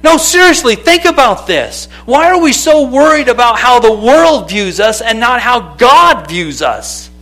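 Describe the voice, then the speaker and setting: A man preaching a sermon, lively and conversational, calling out to people in the room by name. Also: extremely high pitch, unhurried, few pauses. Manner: animated, calls out to people by name. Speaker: pastor.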